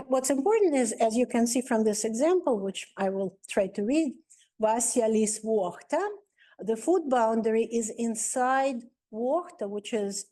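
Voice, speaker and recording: A woman's voice: a little high, warm tone. A woman giving an academic linguistics lecture as a guest speaker, explaining step by step with frequent "uh" and "um" fillers.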